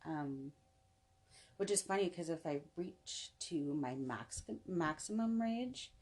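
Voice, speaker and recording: A woman's voice: low voice, lively intonation, slow, a little mellow. A young adult woman, a podcast guest, talking in a rambling, casual way full of restarts and "you know". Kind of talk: casual chat.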